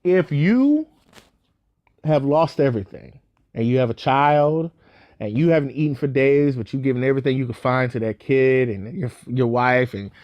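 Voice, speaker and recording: A man's voice: mid-range voice, lively intonation, moderate pace, dry recording, dull audio. A young man hosting a solo podcast, giving blunt, sarcastic opinions with frequent fillers and restarts, recorded close on a mic. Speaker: podcast host.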